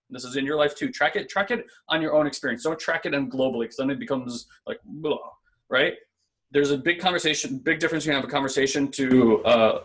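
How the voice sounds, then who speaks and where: A man's voice: medium pitch, fairly bright tone. A man co-hosting a casual spiritual self-help talk, earnest and conversational, often checking in with "right?". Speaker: podcast co-host.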